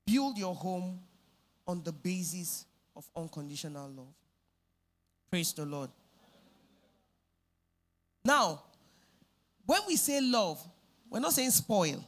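A woman's voice: on the low side, animated, slow pace, pauses often. Female preacher, emphatic sermon delivery with repeated phrases.

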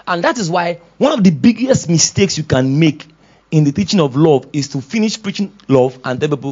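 A man preaching, his pitch high and swinging widely as he acts out little dialogues. He laughs often and shifts between soft asides and bursts of energy. The recording is somewhat dull and lo-fi. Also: animated, a little fast, breathy edge. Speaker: pastor. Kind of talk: sermon. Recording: dull lo-fi sound.

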